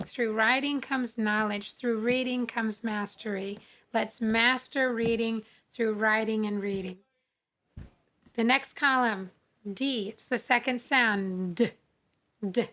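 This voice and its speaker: A woman teaching English spelling, sounding out words slowly and repeating each rule. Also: fairly high pitch, fairly bright tone. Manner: slow, deliberate, sounding out words and repeating rules. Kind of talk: phonics lesson.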